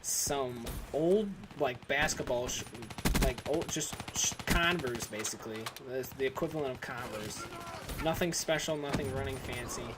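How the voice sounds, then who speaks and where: A man's voice: medium pitch, moderate pace. Young male vlogger, mid-range voice, loose rambling storyteller, noisy track with gunshots behind. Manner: rambling, filler-heavy, restarts often. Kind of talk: casual storytelling to camera.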